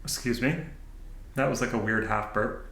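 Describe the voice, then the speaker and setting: A man's voice: medium pitch, normal speed, vocal fry, fairly bright tone, echoey room, rough recording. A man hosting his own channel, rambling in an unedited monologue, self-mocking and laughing often as he talks back to his own thoughts. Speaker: channel host. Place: indoor room, sitting at camera.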